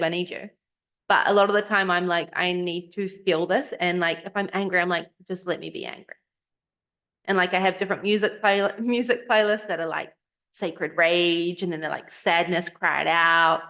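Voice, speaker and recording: In relaxed podcast conversation, this woman co-host speaks thoughtfully and sincerely, sometimes performing the voices of people she quotes. Her voice is on the low side with a touch of brightness.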